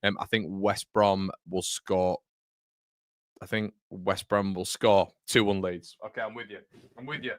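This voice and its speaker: Unhurried and fairly low-pitched, a fan channel host speaks with fairly even intonation on his livestream. He reads out comments, chats casually, rambles and corrects himself, and calls his viewers "mate." It's a dry recording with clean studio sound.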